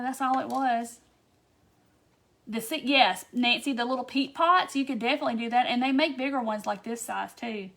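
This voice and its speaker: Lady chatting thru a craft livestream, bit high voiced, talks back to viewer comments. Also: gravelly, a bit bright. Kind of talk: casual livestream craft tutorial.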